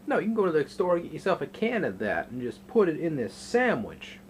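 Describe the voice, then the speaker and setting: A man with a slightly high voice and huge swings in pitch talks a little fast over faint background noise. He's hosting a casual home cooking vlog in his kitchen, rambling, joking, and chatting to his dog as he cooks.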